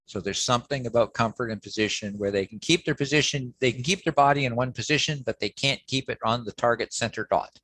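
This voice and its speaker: A man's voice: medium pitch, fast, few pauses, a bit bright. Man lecturing with many "okay"s. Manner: conversational, frequent "okay" and "um" fillers, self-corrections. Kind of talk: academic lecture.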